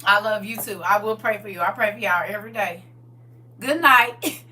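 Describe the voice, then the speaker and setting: A woman hosting a livestream in casual chat, laughing often, repeating "listen," and moving into gentle spiritual advice. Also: medium pitch, moderate pace. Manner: laughs often, repeats "listen" and "I'm trying to tell you". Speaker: livestream host. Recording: distant mic with faint hum.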